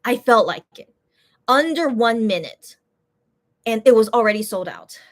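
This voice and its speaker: A woman who runs a shop, casually telling a story in an animated, exasperated way, with many restarts. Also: on the high side, measured pace.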